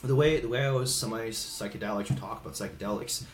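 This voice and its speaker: Low-voiced man telling stories, echoey room. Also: very fast. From Hawaii. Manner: casual and frank, swears, acts out quoted voices. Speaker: podcast guest, army veteran. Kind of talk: candid conversational storytelling.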